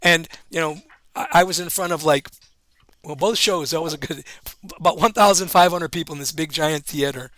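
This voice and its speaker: A man's voice: on the high side, moderate pace, bright, forceful tone, no room sound. A Hawaiian man, a stand-up comic, telling stories in loose, joking chat full of "you know" and laughter. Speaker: stand-up comedian guest. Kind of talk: casual storytelling chat.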